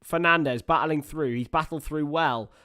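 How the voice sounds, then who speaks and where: A man's voice: a little high, a little slow, bright, forceful tone, clean tone. A young man giving chatty live play-by-play of a football match for his stream viewers, with asides to them. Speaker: livestream watchalong commentator. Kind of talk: live football watchalong commentary.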